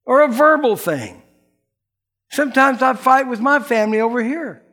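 A man's voice: very high voice, expressive, normal speed, pushed and bright. A middle-aged male pastor giving a casual, slangy sermon and acting out the people in the story. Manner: folksy, slangy, acts out quotes.

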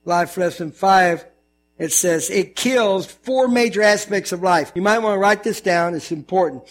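Lively high-voiced male pastor preaching. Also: measured pace. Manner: animated storytelling, mimics voices, jokes. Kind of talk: sermon. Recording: mains hum.

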